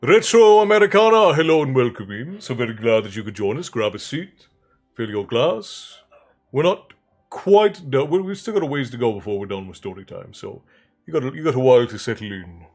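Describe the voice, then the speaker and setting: A man's voice: mid-range voice, big pitch swings, brisk, faint music behind. A man hosting a livestream, chatting in a rambling, friendly way with viewers between stretches of reading aloud. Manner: rambling, chatty, greets viewers warmly by name. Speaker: livestream storyteller and host. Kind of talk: casual livestream chat and book reading.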